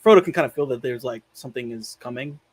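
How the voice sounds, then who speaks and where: Talking fast with a breathy edge, this man reviews films on his podcast in a medium-pitched voice. His scene recaps ramble casually, full of "like," and he swears without a second thought.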